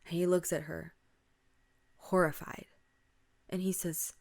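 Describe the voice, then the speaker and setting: Woman, podcast host, spooky storytelling, conversational, somewhat low voice. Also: flat delivery, slow, creaky, long pauses. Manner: casual, conversational with fillers. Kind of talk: retelling spooky stories.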